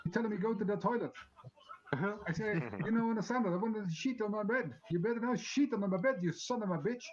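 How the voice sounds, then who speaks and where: A man telling a joke in the voice of a bumbling Italian tourist, in put-on Italian-accented broken English with deadpan delivery. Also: high voice, fast talker, lo-fi sound, voice pushed up, close to an everyday voice. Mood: joking.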